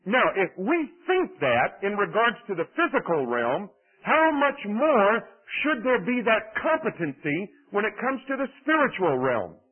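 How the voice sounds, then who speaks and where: A man preaching a sermon in an animated, conversational way, with dramatic swings in his delivery. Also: sits high, measured pace, hardly any pauses, husky. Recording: tinny phone-like radio broadcast.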